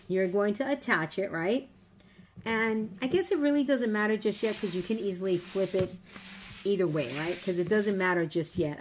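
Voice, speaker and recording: A woman's voice: medium pitch, slight background noise. A woman teaching a live online scrapbooking class in a chatty, encouraging way, teasing her viewers as she walks through each step. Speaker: scrapbooking instructor.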